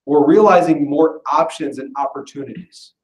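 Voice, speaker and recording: A chatty man with a slightly raised voice delivers a joking sales pitch to a room full of people. He is heard from a distance through a room mic, so his voice carries a roomy echo. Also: normal speed. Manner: chatty and self-deprecating, with frequent laughs. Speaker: business presenter at an info session. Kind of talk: casual, joking sales pitch to a live audience. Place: meeting room with a live audience.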